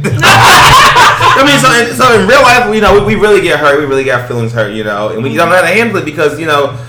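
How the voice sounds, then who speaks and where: A man's voice: sits high, big pitch swings, quick pace, echoey room, very noisy. A man chatting casually in a group discussion, blunt and crude, laughing often as he talks. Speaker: discussion panelist.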